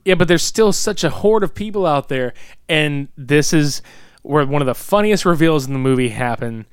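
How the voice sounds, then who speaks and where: A man's voice: a little high, animated, moderate pace, clean tone, no room sound, studio quality. A man casually recapping a bad movie, exasperated, swearing and groaning a lot. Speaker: co-host reviewing a film.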